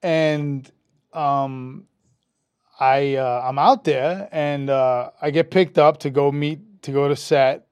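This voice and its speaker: A man, a metal musician guest telling an animated, profane story in a casual interview, raising his voice when quoting people. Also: medium pitch, slow, clean tone, no echo. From New York. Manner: animated, profane, acts out quotes with a rising voice.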